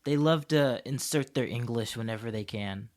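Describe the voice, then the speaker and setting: A man's voice: medium pitch, moderate pace, darkish tone. Chatty rambling male podcast co-host. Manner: chatty storyteller, rambling with fillers. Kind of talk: casual chat. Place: Tokyo.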